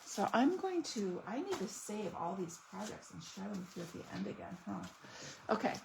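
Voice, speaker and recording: A woman's voice: mid-range voice, sing-song, normal speed, vocal fry, slight background noise, low-quality recording. A woman showing off craft products in a casual unboxing video, gushing and chatty. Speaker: stamping demonstrator.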